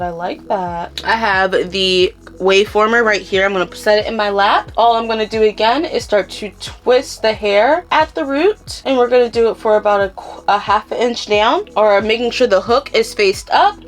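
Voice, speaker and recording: A young woman with a Philadelphia accent giving a casual step-by-step hair tutorial, chatting to viewers as y'all. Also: mid-range voice. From Philadelphia, USA.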